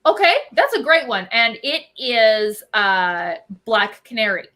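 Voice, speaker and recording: Bright, bubbly chatty woman. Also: a little high, sing-song, measured pace. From Albuquerque. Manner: bubbly and chatty, answering viewer questions. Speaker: cosplayer guest. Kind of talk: casual chat.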